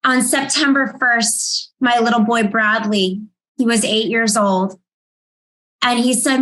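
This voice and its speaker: A woman in her thirties with a fairly high voice tells a personal story on a panel. She speaks in a heartfelt, halting way, pausing often on ums. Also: fairly even intonation, fairly bright tone, poor audio. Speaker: panel speaker, foundation founder.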